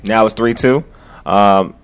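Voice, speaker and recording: A man hosting a casual sports talk show, animated, repeating himself and dropping into low muttered asides. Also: slow, smooth.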